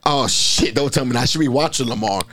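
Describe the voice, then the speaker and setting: A man co-hosting a sports podcast, talking loud and profane, joking and slipping into voices and sing-song. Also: medium pitch, fast talker. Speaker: podcast co-host. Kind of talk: profane casual sports chat.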